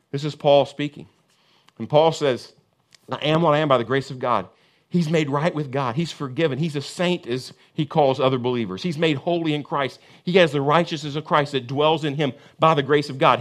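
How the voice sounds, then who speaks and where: A man preaching a sermon as pastor, with an impassioned, repetitive cadence that swings from booming emphasis to hushed intensity.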